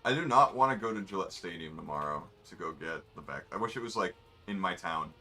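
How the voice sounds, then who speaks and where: A man's voice: deep voice, lively intonation, brisk, pushed and bright. A man, rambling in wry, offhand asides while commenting on his racing game. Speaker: gamer streaming a race. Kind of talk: casual gameplay commentary.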